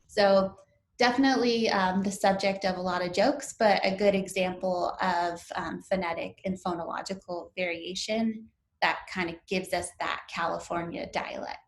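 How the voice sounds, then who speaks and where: A woman's voice: lowish voice, fairly even intonation, normal speed. Casual young woman lecturing, echoey room. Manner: casual, lots of fillers like um and like. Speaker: instructor. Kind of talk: recorded online lecture.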